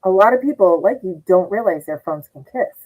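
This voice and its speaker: A woman's voice: fairly low pitch, lively intonation, fairly quick, darkish tone, rough recording. A middle-aged woman comedian telling rambling funny stories, laughing often and acting out what others said. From Japanese heritage. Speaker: comedian guest. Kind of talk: casual comedic storytelling.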